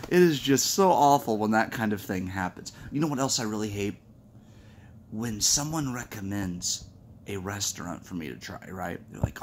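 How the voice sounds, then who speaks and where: A man casually telling jokes to the camera, chatty and rambling, acting out his friends' lines in high voices. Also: animated, normal speed, a little hiss or hum. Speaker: comedy vlogger. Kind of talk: casual stand-up joke telling.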